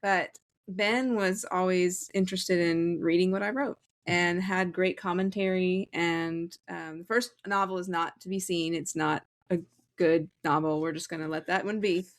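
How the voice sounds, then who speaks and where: A woman's voice: fairly low pitch, fairly even intonation, unhurried. A woman in her thirties, a co-author guest in a casual interview, explaining her writing process in an easygoing way.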